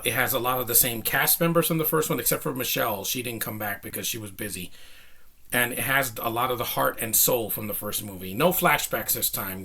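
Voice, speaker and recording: A young man talks through a film review in an excited, rambling way, full of fillers and restarts. He sounds a little out of breath, and his voice is bright and forward. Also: medium pitch. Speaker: movie reviewer. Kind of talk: casual spoken film review.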